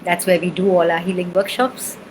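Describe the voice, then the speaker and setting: A woman's voice: fairly low pitch, flat delivery, brisk, noisy background. A woman with an Indian accent teaching sound healing, patiently repeating syllables and checking that the listener follows. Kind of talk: spoken lesson with chanting demonstrations.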